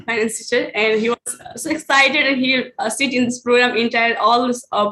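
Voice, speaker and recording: A woman presenter with a fairly high voice, recounting her astronomy outreach in a halting way. She pauses often and fills the gaps with ums and uhs. She is speaking over a video call. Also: fairly bright tone. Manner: hesitant, many fillers. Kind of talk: online star party talk.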